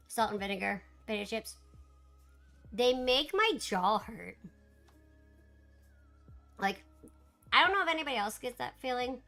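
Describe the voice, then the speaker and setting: A woman chatting casually with her live-stream viewers, animated and laughing often. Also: medium pitch, creaky.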